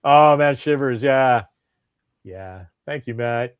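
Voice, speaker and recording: A man's voice: mid-range voice, takes it slowly, clean tone, dry recording. A man hosting a podcast in casual chat, telling stories with animation and acting out what people said. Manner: animated storyteller, acts out quoted voices. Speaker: podcast host.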